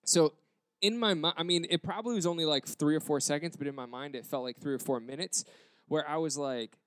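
A man in a casual storytelling style, retelling an embarrassing moment with self-deprecating, animated quoted dialogue. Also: on the high side, a little fast, dry recording.

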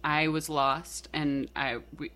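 A woman's voice: sits low, level tone, takes it slowly, a bit bright. An American woman hosting a casual chat, asking curious questions. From United States.

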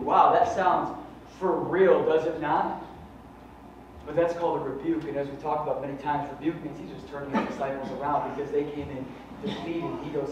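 A man's voice: a little high, flat delivery, moderate pace. A man pastor preaching a sermon, fervent and conversational, with many rhetorical questions. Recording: echoey hall from far off, dull and faintly noisy.

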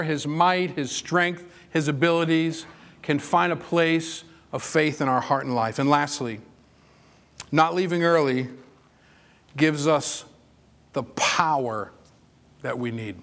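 A man's voice: on the high side, fairly bright tone. A man preaching a sermon, telling personal stories in a conversational way that rises into emphatic peaks. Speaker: pastor.

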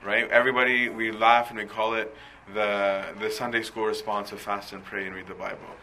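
Bright-voiced preacher asking "right?". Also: male voice, lowish voice, little pitch movement, a little fast, a little hiss or hum, rough recording. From Coptic Christian community. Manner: conversational, rhetorical questions, frequent "right?". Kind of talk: sermon.

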